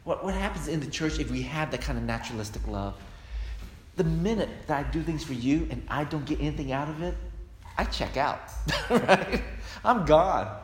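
A man with a slightly high voice preaches a sermon in a church hall, driving his points home with emphatic, repeated refrains. The room is roomy and echoing, with a long reverb trailing his words. A faint hiss of noise sits underneath. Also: fast. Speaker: pastor.

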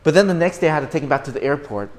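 A middle-aged man preaching a sermon to a congregation, earnest, often repeating and restarting words, rising now and then to loud, emphatic bursts. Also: a little high, expressive, very fast, long reverb tail. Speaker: pastor.

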